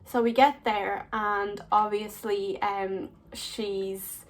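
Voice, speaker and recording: A woman's voice: medium pitch, level tone, drawn-out words. A young woman casually telling stories to camera, chatty and full of "like" fillers. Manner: chatty, many "like" fillers, laughs often. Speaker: vlogger. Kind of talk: casual storytelling.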